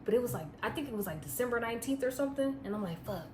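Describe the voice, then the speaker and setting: A young woman telling a personal story in a casual, profane, animated way, often breaking into laughter. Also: on the high side, rapid-fire, hardly any pauses, background noise. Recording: echoey room with faint ambience.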